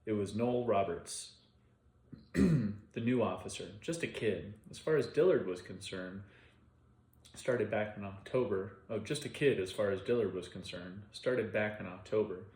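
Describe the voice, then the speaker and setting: A man narrating an audiobook in an unhurried, plain reading style. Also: on the low side, animated, darkish tone. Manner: unhurried plain reading with occasional self-corrections. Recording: roomy echo.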